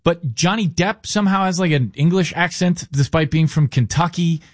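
Wry, emphatic male host, slightly high. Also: normal speed, dry recording, studio quality. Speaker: podcast host. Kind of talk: casual sports chat.

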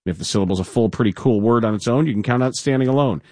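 A man co-hosting a casual sports talk show, reading a column aloud with playful, animated emphasis. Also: mid-range voice, racing, dry recording, studio quality. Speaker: radio co-host.

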